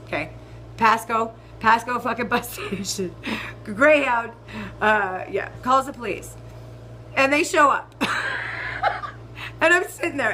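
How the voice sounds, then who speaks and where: A young woman telling a ranting storytime vlog, swearing freely and swinging between loud outbursts and muttered asides. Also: fairly high pitch, slight background noise, poor audio. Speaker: vlogger.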